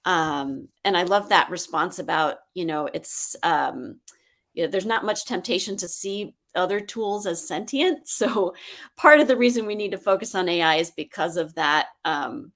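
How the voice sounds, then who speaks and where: Brief: woman panelist, slightly low voice, careful and reflective, lots of ums, video call audio. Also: a bit bright. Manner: thoughtful, measured, frequent ums. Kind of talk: live webinar panel discussion.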